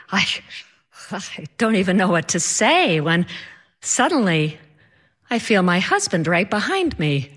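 A woman tells a personal story to an audience in an unhurried, deliberate voice. She is wry and self-deprecating, and she builds the drama with her timing. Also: medium pitch, sing-song, fairly bright tone.

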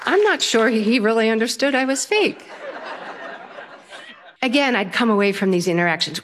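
An older woman, a self-taught storyteller, telling a personal story in a lively, humorous way, her pitch jumping up for punchlines. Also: normal speed, long pauses, a faint crowd, slight background noise. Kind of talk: personal story told to an audience.

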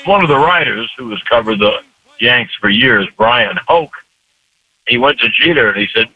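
A man's voice: medium pitch, normal speed, creaky, slightly rough, dry recording. Older man telling stories over phone. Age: 80s. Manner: storytelling, animated. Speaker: retired announcer, interviewee. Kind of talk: telephone interview recollection. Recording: muffled phone line, dry.

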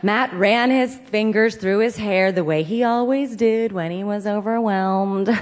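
Deadpan woman telling a comic story in a hall. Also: medium pitch, slow. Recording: long hall reverb.

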